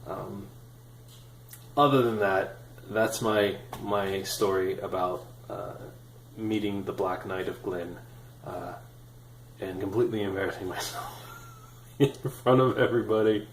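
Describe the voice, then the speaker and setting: A man in his thirties telling a personal story in a casual, animated, self-deprecating way with many fillers. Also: lowish voice, unhurried, pauses often, reverberant, slight background noise, low-quality recording. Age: 30s. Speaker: vlogger.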